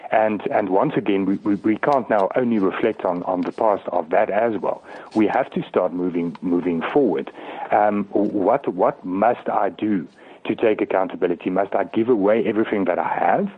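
A man's voice: lowish voice, moderate pace, breathy edge. A man in his thirties from South Africa, a politician arguing his point earnestly on a radio call, repeating words as he goes. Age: 30s. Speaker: politician, guest. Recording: tinny phone line.

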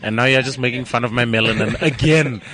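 A man's voice: mid-range voice, fast, a crowd in the background. A young man co-hosting a radio show, teasing and laughing with the others. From South Africa. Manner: lively, laughs a lot, teasing. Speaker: radio co-host. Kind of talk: casual studio banter.

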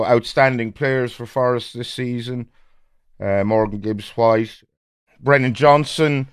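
A man's voice: lowish voice, clean tone, no echo, clean studio sound. A man chatting on a football podcast as a pundit, telling things emphatically with a wry edge. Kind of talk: casual podcast chat.

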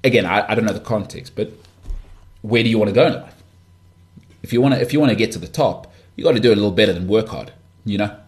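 A man's voice: fairly low pitch, quick pace, pauses often, darkish tone. A man with a Johannesburg northern suburbs South African accent, hosting a podcast in a blunt, rambling, candid rant full of restarts and asides. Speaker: podcast host.

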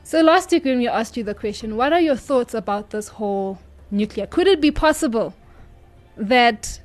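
A woman's voice: fairly high pitch, lively intonation, moderate pace, soft background music. A woman co-hosting a casual talk show, chatty and questioning, with fillers.

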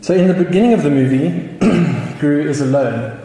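A man's voice: on the high side, lively intonation, normal speed, mellow. A South African man preaching a sermon, telling a story with chuckles and many restarts. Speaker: pastor. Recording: echoey hall with faint noise.

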